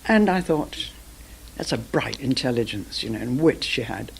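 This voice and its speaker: A man's voice: mid-range voice, lively intonation, normal speed, creaky, a little hiss or hum, poor audio. An older Englishman recalling theatre days in an interview, blunt and emphatic. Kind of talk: reminiscing interview. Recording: old VHS broadcast tape.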